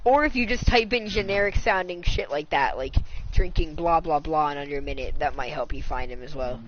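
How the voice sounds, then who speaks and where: A man streaming a video game live, talking in a low-energy, fairly monotone way and swearing casually. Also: fairly quick. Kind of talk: casual live gameplay commentary. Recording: muffled lo-fi mic.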